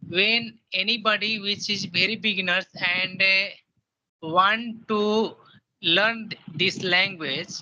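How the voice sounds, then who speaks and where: A man asking questions politely and haltingly, with many restarts, as an interviewer. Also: high voice, sharp tone. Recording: dull lo-fi audio.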